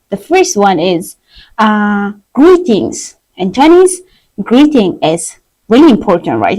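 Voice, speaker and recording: A woman teaching a live-streamed language lesson, drilling words slowly for learners to repeat, in simple non-native English. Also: mid-range voice, warm tone, low-quality recording. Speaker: Chinese teacher.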